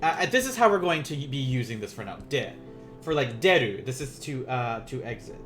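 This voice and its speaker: A man teaching beginner Japanese in a casual livestream, rambling and self-amused, softly counting out strokes as he writes. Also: mid-range voice, sing-song, fairly quick, soft background music.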